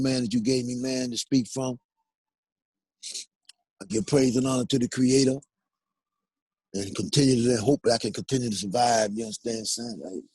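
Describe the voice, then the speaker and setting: A man's voice: medium pitch, a little mellow, husky, no echo. An older man speaking earnestly as a guest, peppering his talk with "man" and "you understand.". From United States. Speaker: guest, exoneree. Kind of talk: emotional phone interview.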